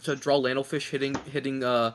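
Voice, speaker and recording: A man's voice: mid-range voice, level tone, brisk, a little hiss or hum. A young man hosting a casual podcast, joking and rambling, a little self-deprecating, speaking into a remote call mic. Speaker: podcast host.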